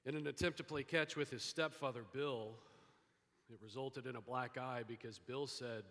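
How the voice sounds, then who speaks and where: Male pastor, sermon, bright tone, long hall reverb, storytelling delivery. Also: medium pitch, normal speed. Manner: storytelling, shifts between hushed and lively emphasis. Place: church sanctuary.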